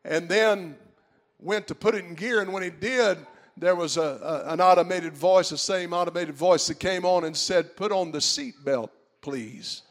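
A man preaching a sermon, moving from quiet storytelling to shouted preaching. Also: sits high, normal speed.

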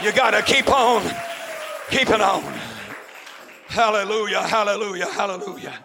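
A male pastor, preaching a fervent shouted sermon to his congregation, peppered with "amen" and "uh". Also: high-pitched, normal speed, vocal fry, crowd noise, background noise. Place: church with congregation.

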